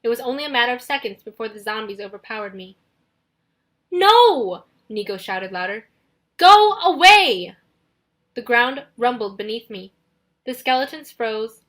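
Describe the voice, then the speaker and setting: A woman narrating an audiobook in the first person, in a steady, dramatic storytelling manner. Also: a little high, brisk.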